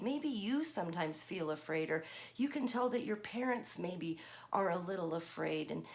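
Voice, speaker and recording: 50s woman pastor reading a kids book, asks the kids stuff, medium pitch. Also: gravelly. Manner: talks straight to children, asking questions. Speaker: children's pastor. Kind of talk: reading a picture book to children.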